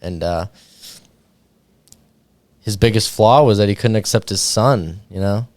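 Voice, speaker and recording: A man's voice: lowish voice, measured pace, darkish tone, no echo. A man hosting a podcast in casual chat, loose and rambling, full of 'like' and 'dude'. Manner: loose, filler-heavy, says 'like' and 'dude' a lot. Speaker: podcast host.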